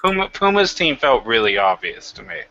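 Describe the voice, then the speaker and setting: A man's voice: medium pitch, sing-song, a little fast, sharp tone. A man co-hosting a casual wrestling chat, laid back and swearing casually. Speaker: co-host. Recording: dull lo-fi mic.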